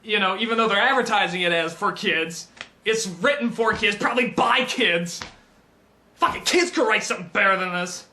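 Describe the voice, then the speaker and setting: Speaking at a moderate pace, a man who reviews films delivers an impassioned, improvised rant. He gets worked up, stammers, begins sentences again, and alternates between yelling and mumbling under his breath.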